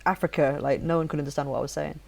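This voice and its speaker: A woman in her thirties with a softened northern English accent, hosting a casual podcast chat in an animated, swearing, restart-filled way. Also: low-pitched, very fast, gravelly. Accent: softened northern English, near-neutral British. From northern England. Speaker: podcast host.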